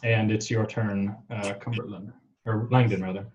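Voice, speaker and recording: A man's voice: on the low side, steady tone, moderate pace, a little mellow, far from the mic, highs cut off, slight background noise. A man narrating a tabletop game as game master, casual and loose with fillers.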